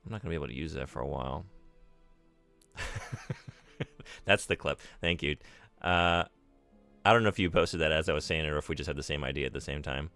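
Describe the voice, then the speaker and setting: A man's voice: a bass voice, fairly quick, vocal fry, long pauses, pushed and bright, faint music behind. A man streaming a game, chatting casually with his viewers and poking fun at himself. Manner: chatty, self-deprecating, reads and answers chat. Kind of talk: casual live-stream chat while gaming.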